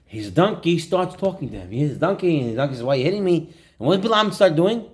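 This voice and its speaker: Lively rabbi with a bouncing voice. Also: male voice, fairly high pitch, quick pace. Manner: animated storyteller, acts out quotes. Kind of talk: informal Torah class.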